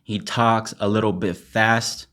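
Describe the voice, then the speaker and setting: Low-voiced man rapping a cappella. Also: steady tone, takes it slowly, a bit bright. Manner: intense and angry in the verse, chatty and laughing in the outro; swears heavily. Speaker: rapper and poet. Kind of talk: a cappella freestyle rap.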